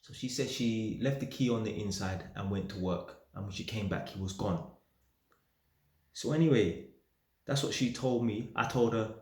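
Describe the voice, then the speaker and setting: A man telling a story in an animated way, swearing and bursting into shouts. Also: on the low side, moderate pace, reverberant. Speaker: landlord vlogger. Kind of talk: casual storytelling rant.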